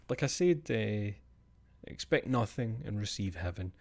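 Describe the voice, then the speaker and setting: A man's voice: on the low side, expressive, unhurried, gravelly, a little mellow. A male streamer chatting casually after a live show, rambling, sweary and self-mocking.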